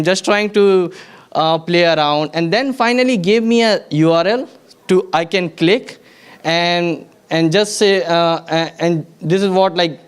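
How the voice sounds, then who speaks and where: Smooth-voiced man giving a tech talk. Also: high voice. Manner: frequent restarts and repeated words, explaining step by step. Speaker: conference speaker. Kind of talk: technical conference talk. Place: conference venue.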